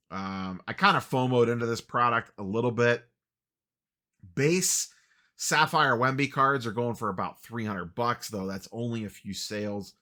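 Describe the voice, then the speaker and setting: A man talks through a casual market update with a somewhat low voice that still comes across bright and forceful. His humor is dry and wry, he pokes fun at himself, and he fills his pauses with "uh". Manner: dry, wry self-deprecating delivery with many "uh" fillers. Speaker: sports card channel host.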